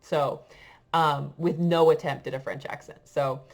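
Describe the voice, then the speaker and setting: An American woman, a French teacher, telling a story to her class in a chatty, halting way with many fillers. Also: low voice, fairly even intonation, creaky, faint music behind. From United States.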